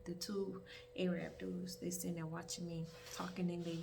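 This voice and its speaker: A young woman with a fairly low, creaky voice tells a rambling, profane story at normal speed for a casual storytime vlog, animated and full of asides. The mic is distant, with faint background hiss.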